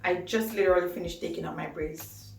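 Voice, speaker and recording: A woman with a lowish voice, fairly even intonation, and vocal fry talks fast to camera about hair care. She's chatty, enthusiastic, and laughs often, in a roomy, echoey recording with a distant mic and faint music.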